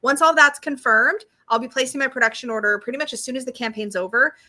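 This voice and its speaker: Bright, bubbly woman chatting on a live stream. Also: high-pitched, quick pace. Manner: bubbly, chatty, reads viewer comments aloud. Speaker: creator hosting a live launch stream. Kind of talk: casual live-stream chat.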